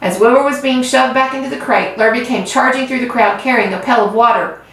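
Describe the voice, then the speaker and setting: A woman who hosts a reading channel, reading a children's book aloud with gentle storytelling. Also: on the high side, fairly quick. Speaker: reader. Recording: roomy, far from mic.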